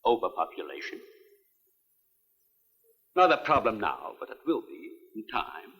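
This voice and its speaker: A man's voice: on the low side, big pitch swings, a little slow, sharp tone, husky, in a large hall, heavily acted. A middle-aged actor playing an earnest older scientist and father in a 1950s film, formal and explanatory in manner. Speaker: scientist running an island lab.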